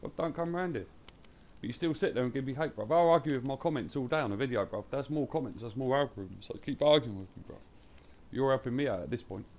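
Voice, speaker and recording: A man talks on a live stream at a rapid clip. His voice is gravelly with a lot of fry. His chat is blunt, slangy and laced with swearing. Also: medium pitch, darkish tone.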